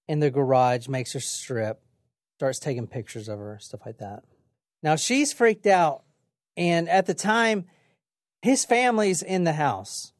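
Lively, blunt woman telling a crime story. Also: deep voice, no room sound, studio quality. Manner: casual, blunt, swears, lively retelling. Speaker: podcast host.

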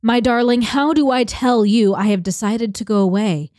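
Woman reading stuff out loud on a podcast, steady and even, dry close sound. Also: a little high, normal speed, no echo. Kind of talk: reading a letter and call transcript aloud.

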